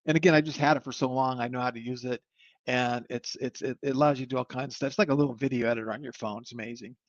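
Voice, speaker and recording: Salesy guy walking people through a software demo live, kinda rambly, dull dry computer mic. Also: mid-range voice, fairly even intonation, racing, dry recording. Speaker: webinar host demoing software. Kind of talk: live online product demo. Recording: slightly muffled dry audio.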